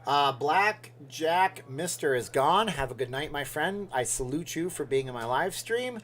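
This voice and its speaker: A man's voice: on the high side, expressive, a little slow, fairly bright tone, a little hiss or hum. Joking man chatting on a livestream. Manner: rambling, jokey, responds to chat. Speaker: livestream host. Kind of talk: casual livestream chat reading viewer comments. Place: Las Vegas.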